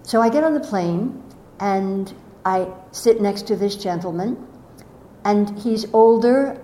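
Gentle older woman, echoey room. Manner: slow, gentle, softly trailing off. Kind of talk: reflective spoken storytelling. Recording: echoey room with faint rumble.

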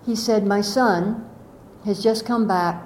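Gentle older woman, echoey room. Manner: slow, gentle, softly trailing off. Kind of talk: reflective spoken storytelling. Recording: echoey room with faint rumble.

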